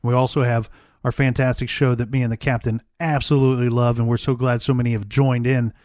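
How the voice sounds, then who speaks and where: With a darkish, level tone at a typical middle pitch, this podcast co-host tells a true crime case in a steady, narrative manner. The audio is dry and close-miked, without any room echo.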